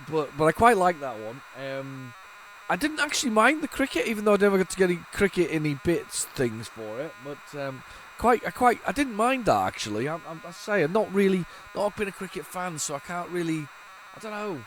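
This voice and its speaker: A man's voice: fairly high pitch, sing-song, brisk, fairly bright tone, slight background noise. Rambling man chatting through retro tapes. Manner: rambling, waffling with many restarts. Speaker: retro gaming channel host. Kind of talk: casual commentary while loading old tapes.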